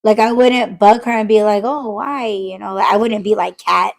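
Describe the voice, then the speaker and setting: Profane, animated woman podcast host. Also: mid-range voice, moderate pace, vocal fry. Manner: profane, animated, acts out quoted exchanges. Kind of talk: casual late-night chat.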